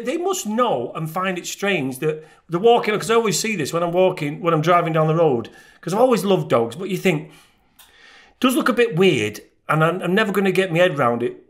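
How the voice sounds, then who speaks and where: Bloke on a podcast, high voice that swoops all over, laughs a lot, casual chat. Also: male voice. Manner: animated storyteller, laughs often, restarts sentences. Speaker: podcast co-host.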